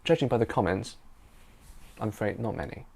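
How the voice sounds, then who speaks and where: Gravelly Chinese man telling a personal story. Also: on the low side, a little fast. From China. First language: Mandarin Chinese. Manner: chatty, fillers like you know and um. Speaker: interpreter and storyteller. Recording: soft guitar music underneath.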